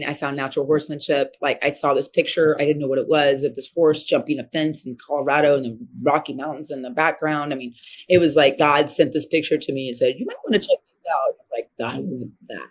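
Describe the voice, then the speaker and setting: A woman in her fifties from Missouri, a horse trainer telling her story as a guest in an interview, acting out the voices of people she quotes. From Missouri, USA. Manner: animated, acts out quoted voices with sharp pitch jumps.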